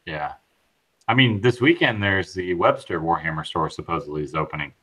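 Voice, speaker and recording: A man's voice: deep voice, fairly quick, a bit bright, breathy edge. A man co-hosting a casual live-streamed hobby chat, easygoing and teasing. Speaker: podcast co-host.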